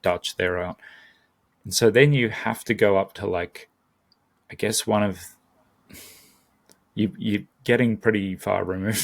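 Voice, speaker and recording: A man's voice: lowish voice, creaky. A man with an Australian accent, chatting casually as a guest and often breaking off to restart his thought. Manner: chatty, self-interrupting. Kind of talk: casual conversation.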